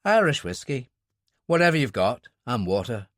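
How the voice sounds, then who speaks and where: A man reading an audiobook, voicing a calm, watchful Irish man, a seasoned operative with a dry manner. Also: medium pitch, moderate pace, dry recording.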